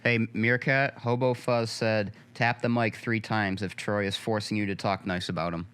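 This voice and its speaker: A man co-hosting a casual talk show, relaxed and easygoing with a dry touch. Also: on the low side, moderate pace, clear, resonant tone. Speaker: co-host. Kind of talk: casual chat.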